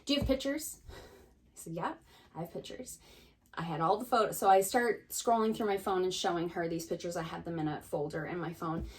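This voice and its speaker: A woman's voice: on the low side, a little fast. A woman in her thirties, a beauty vlogger and esthetician, casually telling a story to camera and acting out the other people's lines. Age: 30s. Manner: animated retelling with quoted dialogue.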